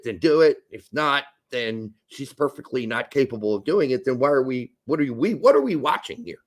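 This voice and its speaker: Animated, ranting male podcast co-host. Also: medium pitch. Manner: animated ranting, swears freely. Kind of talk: crude casual podcast banter.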